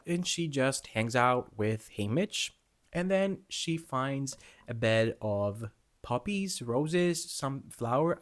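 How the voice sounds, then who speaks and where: A man giving a casual, animated book talk on his vlog, chatting through his thoughts and laughing often. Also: mid-range voice. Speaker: book reviewer.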